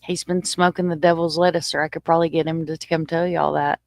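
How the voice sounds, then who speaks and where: A woman with a somewhat low voice chats loosely with her live viewers, sounding slightly winded. The sound is close and dry, with no room echo. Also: flat delivery, fast talker, vocal fry, a little mellow. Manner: chatty and informal, talking to viewers. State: a little short of breath. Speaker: livestream host. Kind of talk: casual livestream chat.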